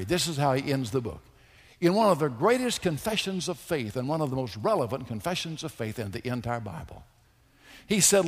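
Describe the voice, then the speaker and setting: A man preaching a sermon to his congregation, swinging between loud, fervent pleas and hushed, quiet lines. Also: mid-range voice, slightly rough, in a large hall. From United States. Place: church sanctuary.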